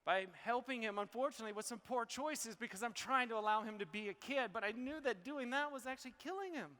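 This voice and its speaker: Guy pitching health stuff on stage, high bright voice, big hall echo, gets emotional. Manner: emotional, preachy motivational delivery. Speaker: health speaker presenting to an audience. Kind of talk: live stage presentation. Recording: hall reverb.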